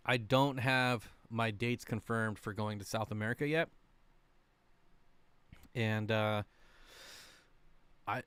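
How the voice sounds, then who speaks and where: This aquarium channel host reads viewer comments on his casual fish livestream, rambling along in a chatty, self-deprecating manner. His mid-range voice is fairly bright, clear and resonant, with no room sound.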